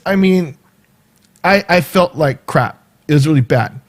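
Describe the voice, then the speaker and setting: A man's voice: on the high side, unhurried. A man telling a personal story in a casual vlog, acting out the voices of the people in it and making sound effects. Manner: animated, acts out quoted voices and sound effects. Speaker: vlogger.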